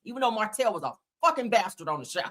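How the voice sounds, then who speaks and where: A woman hosts a live show, giving blunt, profane commentary on reality TV and reading viewers' comments aloud. Her medium-pitched voice is animated, fast and fairly bright, and she's emphatic and often laughing.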